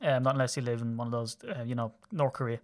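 A man in his thirties from Ireland, co-hosting a podcast in quick, teasing casual chat. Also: mid-range voice, darkish tone. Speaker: podcast co-host.

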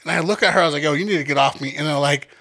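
Gravelly young man telling a wild story. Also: fairly high pitch, rapid-fire. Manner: animated, acts out quoted lines, heavy swearing. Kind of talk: casual storytelling chat.

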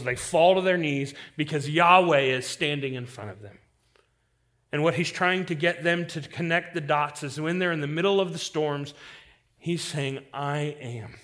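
Fervent preaching man, slightly high voice. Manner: impassioned preaching, swings from loud to hushed. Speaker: pastor. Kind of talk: sermon.

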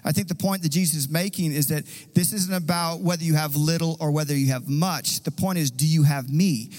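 A man's voice: fairly high pitch, fairly quick, darkish tone, big-room sound, faint music behind, low-quality recording. A man preaching a sermon as pastor, earnest and conversational.

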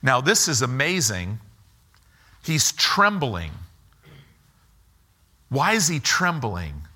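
A man preaching a sermon as pastor, slowing for emphasis and acting out quoted lines with rising and falling pitch. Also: sing-song, sharp tone. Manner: slow deliberate emphasis.

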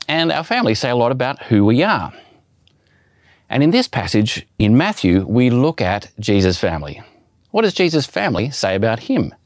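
A man preaching a sermon in an easy, conversational way, poking gentle fun at himself as he tells family stories. His voice sits a little low. The sound is dry and close. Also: no echo. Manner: conversational, self-deprecating storytelling.

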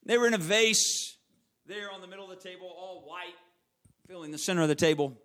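A man's voice: high-pitched, steady tone, brisk, sharp tone. A middle-aged man preaching a sermon, telling stories and repeating phrases for emphasis. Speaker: pastor.

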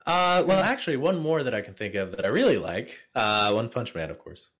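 A man with a lively, animated voice answers questions as a podcast guest. He hesitates with frequent fillers. He laughs often and drops dry jokes. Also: mid-range voice, brisk. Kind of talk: casual podcast chat.

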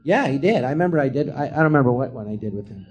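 A man's voice: mid-range voice, lively intonation, rapid-fire, darkish tone, slightly rough. A man, a comedian, telling stories in a loose, rambling way on a podcast, laughing often and acting out quotes. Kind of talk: casual storytelling chat. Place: live podcast theatre.

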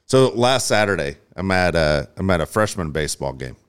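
A man who hosts the show and coaches baseball, talking in a relaxed casual chat, laughing along and checking in with "okay?" as he sets up a story. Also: low-pitched, moderate pace, smooth.

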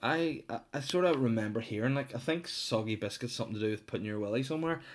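A man's voice: mid-range voice, fast talker. A man hosting his own podcast, rambling and joking about himself with many restarts. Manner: rambling, jokey, self-mocking, many restarts. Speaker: podcast host. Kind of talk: casual solo podcast chat.

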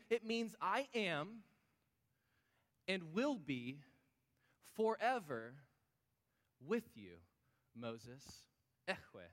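A man's voice: high voice, fairly bright tone. Male pastor preaching in a reverberant hall. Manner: conversational, asks the audience questions. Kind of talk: sermon.

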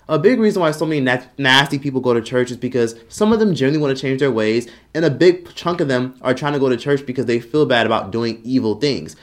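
A young man ranting to camera in a blunt, profane commentary, mocking people with quick impressions. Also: mid-range voice. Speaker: commentary YouTuber. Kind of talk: opinion rant to camera.

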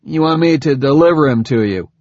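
A man voicing a sarcastic, gruff male soldier in an audiobook, with sardonic remarks. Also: fairly high pitch, lively intonation, brisk, a little mellow, no room sound, voice pushed up. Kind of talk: audiobook character voice. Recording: dull dry lo-fi recording.

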